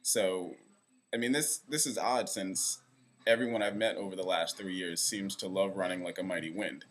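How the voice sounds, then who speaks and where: A man's voice: low voice, normal speed. A young man vlogging to camera in a rambling, self-deprecating way. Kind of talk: casual direct-to-camera vlog. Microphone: camera facing speaker.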